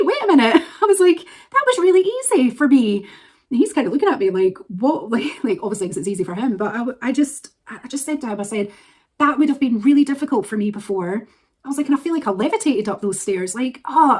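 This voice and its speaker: A woman's voice: a little high, lively intonation, fast, a little mellow. A middle-aged woman chatting to camera in a vlog, gushing and rambling with fillers and restarts. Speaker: vlogger. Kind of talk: casual chat to camera.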